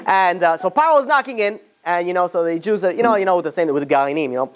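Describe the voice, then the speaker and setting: A man teaching a class, telling the story informally, with many restarts and "you know"s, and growing animated at the lively moments. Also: high-pitched, fast, clean tone. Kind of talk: informal storytelling lesson to students.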